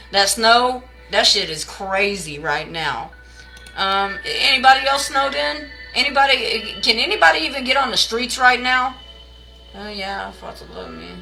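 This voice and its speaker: Her voice sits on the high side, bright and forceful, in a low-quality recording. Streaming tarot readings from home late at night, she rants and swears bluntly, calls her viewers baby and y'all, and greets chatters by name.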